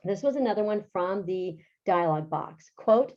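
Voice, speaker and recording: A woman's voice: mid-range voice, animated, normal speed, a little mellow. A woman teaching a writing and grammar lesson, explaining step by step in a chatty way, often checking in with "okay" and "right". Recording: dull lo-fi sound.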